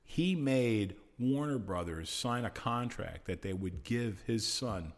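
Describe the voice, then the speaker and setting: A man's voice: on the low side, slow. American comedian guy telling stories, voice all over the place, doing impressions mid-chat. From United States. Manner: animated storyteller who acts out other people's voices. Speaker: comedian guest. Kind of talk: casual chat, storytelling.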